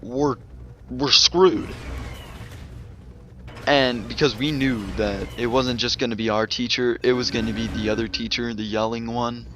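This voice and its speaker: A man's voice: medium pitch, fairly even intonation, normal speed, hardly any pauses, fairly bright tone, soft background music. A man telling a casual storytime vlog, rambling with many fillers and restarts. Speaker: gaming vlogger.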